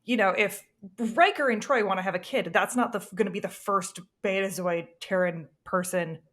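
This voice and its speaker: A woman co-hosting a casual podcast chat, chatty and quick to laugh. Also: mid-range voice, fairly bright tone. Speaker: podcast co-host.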